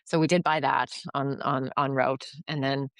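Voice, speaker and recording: A Canadian woman who founded a yoga retreat tells a story as a podcast guest, speaking in a bass voice with little pitch movement, normal speed, and a fairly bright tone. She's chatty, heavy on fillers, and acts out quoted dialogue, and the recording is dry.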